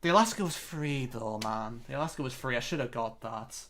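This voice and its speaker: A man's voice: medium pitch, lively intonation, a little fast, a bit bright. A man giving live commentary on his own competitive game, frustrated and self-critical. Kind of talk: live-streamed match commentary.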